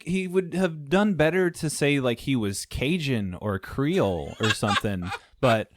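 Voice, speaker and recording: A man's voice: medium pitch, expressive, a little slow, background noise. A man co-hosting a podcast, chatting casually about a movie in a laid-back, rambling way and laughing often. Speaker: podcast co-host. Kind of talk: casual movie review chat.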